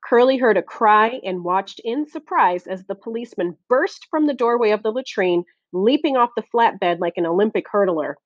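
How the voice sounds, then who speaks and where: A woman's voice: medium pitch, lively intonation, moderate pace, hardly any pauses, dry recording, muffled recording. Woman narrating a storybook, dry sound. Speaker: audiobook narrator. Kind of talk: scripted narration.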